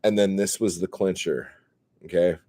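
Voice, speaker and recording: A man casually telling a profane, self-mocking story on a live stream, swinging between loud outbursts and mumbles. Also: deep voice, steady tone, moderate pace. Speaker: comedian hosting a live stream.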